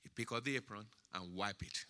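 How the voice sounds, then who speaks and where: A male pastor preaching a sermon, swinging from quiet, drawn-out words to loud, emphatic lines. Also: lowish voice. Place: church sanctuary. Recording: church hall with long reverb.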